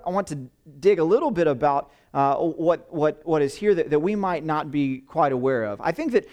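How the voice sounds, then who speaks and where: A middle-aged man preaching a sermon in a conversational, halting way, with many fillers and restarts. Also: a little high. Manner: hushed, reverent when praying. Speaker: pastor. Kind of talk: sermon with prayer.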